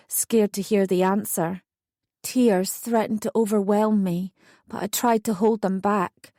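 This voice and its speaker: A woman's voice: medium pitch, steady tone, a little slow, dark tone, no room sound, studio quality. A woman narrating a first-person true story audiobook with feeling. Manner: emotional memoir reading, acting out quotes.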